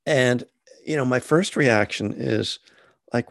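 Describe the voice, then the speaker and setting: A man's voice: mid-range voice, takes it slowly, creaky, no room sound, clean studio sound. A man, an author, telling a personal story in a casual, rambling, self-deprecating way with many restarts.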